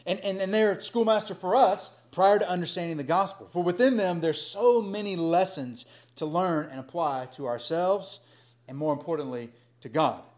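A middle-aged man preaching a sermon in a conversational, animated way with folksy asides. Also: sits high, normal speed. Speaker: pastor.

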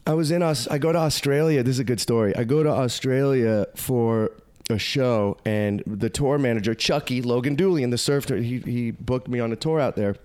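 Profane, animated male storyteller. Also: mid-range voice, brisk, smooth. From United States. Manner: animated, profane, acts out quoted voices. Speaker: podcast guest. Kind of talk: casual storytelling.

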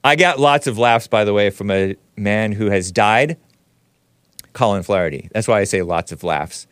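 A man hosting a call-in show, chatty and quick to laugh, often cutting himself off mid-sentence. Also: lowish voice, a bit bright, dry recording, clean studio sound. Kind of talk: casual call-in talk.

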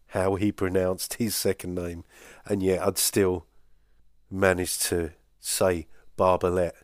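A man with a very low voice hosts a podcast, answering listener messages in a relaxed, halting way. He pokes fun at himself between fillers. The sound is dry and close. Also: no echo. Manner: hesitant and self-deprecating, with many fillers. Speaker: podcast host.

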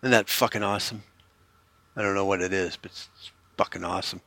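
A middle-aged podcast host with a deep, bright, forceful voice talks fairly quickly with fairly even intonation while driving through a small town. His rambling monologue is easygoing and full of cursing, drifting into a joking Australian put-on. The recording is dry.

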